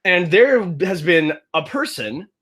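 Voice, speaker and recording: A man's voice: high-pitched, slow pace. A young man hosting a casual podcast, telling a story with many restarts and acting out the people in it. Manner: animated storyteller, many restarts and "like"s, acts out the voices in his story. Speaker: game master and podcast host.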